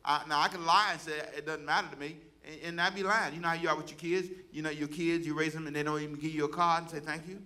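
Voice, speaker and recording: A pastor with a slightly high, steady voice preaches fast, barely pausing. He calls on the congregation to repeat words back to him, building a loud, rising exhortation.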